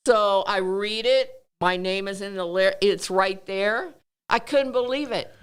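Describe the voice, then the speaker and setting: A woman's voice: medium pitch, unhurried, clear, resonant tone. A woman in a casual podcast interview, telling stories and acting out what people said in a raised voice. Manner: animated storyteller, acts out quotes in raised voice.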